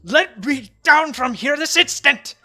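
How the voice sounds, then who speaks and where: Man doing a squeaky frantic gnome, super high and loud, panicky. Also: lively intonation, measured pace, soft background music, full character voice. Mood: panicked. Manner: shrill, frantic. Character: panicking small male gnome captive.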